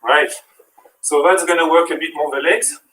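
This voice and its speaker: A man's voice: on the high side, moderate pace, bright, forceful tone, reverberant, distant mic, slight background noise, rough recording. French-accented man coaching a workout. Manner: counts reps and coaches while exercising. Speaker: fitness instructor. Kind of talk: live workout demonstration.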